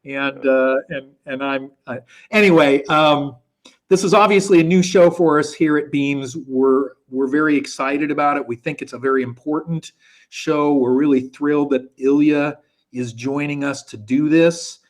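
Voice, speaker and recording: A man's voice: on the high side, normal speed. A man from the United States co-hosting a live online interview show, chatty and prone to self-corrections. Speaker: co-host. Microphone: video call.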